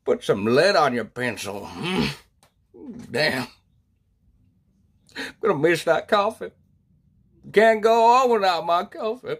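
A man's voice: a little high, animated, slow pace, pauses often, pitched above the performer's own voice, full character voice. A man playing an angry, foul-mouthed male coffee lover who rants and curses. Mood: ranting. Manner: profane, ranting, increasingly loud.

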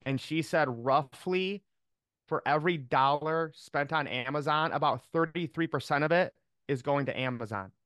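A man's voice: fairly high pitch, moderate pace, fairly bright tone, clear, resonant tone, dry recording. A man chatting on a video call, upbeat and rambling, with many fillers and restarts. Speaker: team member on a call. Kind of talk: casual chat on a video call.

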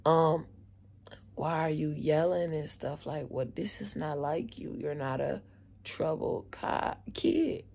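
A young woman mimicking a soft-spoken male school staffer. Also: on the high side, lively intonation, slow pace, vocal fry, breathy edge, full character voice. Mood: placating. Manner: quiet, placating.

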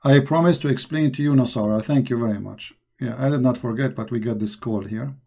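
A man's voice: mid-range voice, brisk, vocal fry, mellow. A man hosting a live religious debate stream, mocking and emphatic, repeating rhetorical questions into a computer mic. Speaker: debate show host.

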